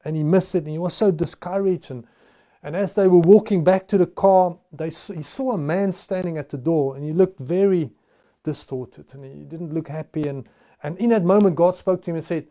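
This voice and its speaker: A man preaches a sermon in a high, soft and mellow voice. He tells stories in an easy, conversational way and often restarts his phrases mid-thought. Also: normal speed. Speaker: pastor.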